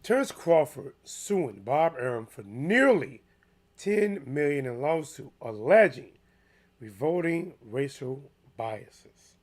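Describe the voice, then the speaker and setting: A man hosting a casual solo sports commentary, chatty and animated with lots of restarts, his voice a little hoarse. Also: medium pitch, takes it slowly. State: slightly hoarse.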